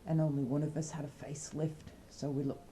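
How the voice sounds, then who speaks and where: Australian woman, low mellow voice, rambling cheeky comic chat. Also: little pitch movement, brisk, a little hiss or hum, rough recording. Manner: rambling, cheeky, bawdy humor. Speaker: comedy skit presenter. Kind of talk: casual comedic chat.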